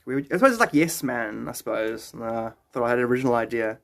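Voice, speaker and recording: A man's voice: medium pitch, fast talker, gravelly, hardly any pauses. A man streaming live and chatting casually with his viewers, rambling, joking and greeting them by name. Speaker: livestreamer.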